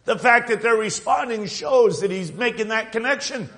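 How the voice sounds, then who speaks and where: A man with a high-pitched voice delivers a fervent sermon. He leans on key words and draws them out slowly for emphasis. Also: a bit bright. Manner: fervent, emphatic, drawn-out stresses. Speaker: preacher.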